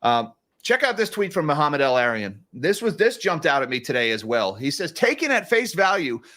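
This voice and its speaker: A man's voice: mid-range voice, sing-song, fairly quick, fairly bright tone. Chatty, sarcastic man talking markets. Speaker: financial commentary host. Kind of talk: casual livestream market commentary.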